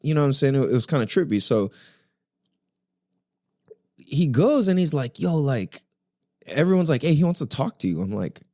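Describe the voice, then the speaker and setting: A man's voice: medium pitch, sing-song, normal speed, long pauses, mellow, no echo, studio quality. A young man hosting a podcast, telling a story in casual, profane slang full of fillers. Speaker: podcast host.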